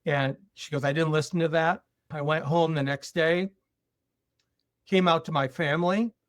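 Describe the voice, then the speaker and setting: A man with a slightly raised pitch tells a personal story on a podcast. He acts out the remembered conversation line by line, shifting between the voices. The sound is close and dry, with no room around it. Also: moderate pace, no echo. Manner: animated retelling, acting out both sides of a dialogue. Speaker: guest speaker.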